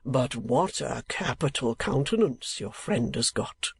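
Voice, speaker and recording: A man voicing a talkative, theatrical middle-aged theatre manager, speaking slowly and emphatically. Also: medium pitch, expressive, gravelly, breathy edge, exaggerated voice. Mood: enthusiastic.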